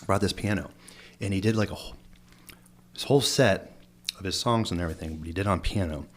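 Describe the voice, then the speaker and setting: A man with a fairly low voice, chatting casually as a podcast co-host. He rambles through his story, circling back and restarting his sentences. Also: a little fast. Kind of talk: casual chat among friends.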